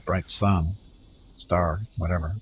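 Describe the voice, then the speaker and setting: Canadian man, very low voice, casual rambling gameplay commentary, faint background hiss. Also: takes it slowly, highs cut off. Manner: relaxed rambling, talks to chat. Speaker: gaming streamer.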